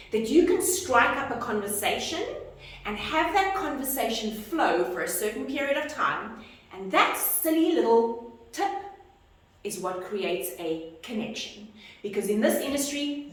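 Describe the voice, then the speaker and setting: A woman's voice: on the high side, a bit bright, distant mic. A woman fitness instructor teaching an online course, talking expressively and acting out how she greets clients. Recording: echoey room, voice off-mic.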